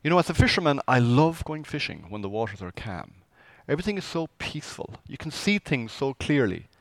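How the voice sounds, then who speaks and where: A man's voice: mid-range voice, big pitch swings, brisk, dry recording. A man preaching a conversational sermon as pastor, asking the congregation rhetorical questions.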